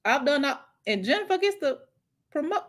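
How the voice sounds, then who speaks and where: A woman hosting a casual talk stream, telling stories in a lively, preachy way, calling listeners child and honey and mocking others in put-on voices. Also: high-pitched, normal speed. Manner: animated, preachy storytelling with mocking impressions. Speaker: host.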